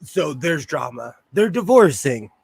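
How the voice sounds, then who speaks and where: A middle-aged man from Pennsylvania chats through a sewing livestream, greeting viewers by name and laughing easily. His voice sits a little high for a man and comes through slightly hoarse, as if he is feeling under the weather. The sound is dry and close. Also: big pitch swings, measured pace, dry recording. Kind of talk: casual live-chat while sewing.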